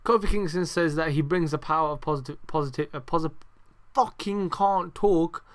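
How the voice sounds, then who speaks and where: A man's voice: on the high side, fast, a bit bright. A young man hosting a casual review podcast, ranting and swearing freely with lots of fillers. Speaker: podcast host.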